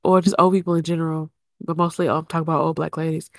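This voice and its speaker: A woman's voice: deep voice, flat delivery, quick pace, vocal fry, no room sound, studio quality. Blunt woman podcast co-host. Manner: blunt, emphatic, rising indignation. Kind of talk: casual chat.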